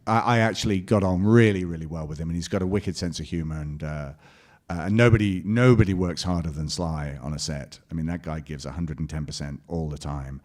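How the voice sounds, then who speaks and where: Low-voiced guy telling animated stories to fans at a con panel. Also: a little fast, hardly any pauses. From Scotland. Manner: lively anecdotal storytelling with quoted voices and laughs. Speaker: convention panel guest actor. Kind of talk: storytelling Q&A panel. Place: convention hall panel.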